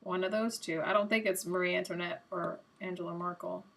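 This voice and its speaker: A young adult woman hosting a live stream, chatting casually and guessing out loud while she plays a quiz game, a little self-mocking. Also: lowish voice, steady tone, fairly quick, gravelly.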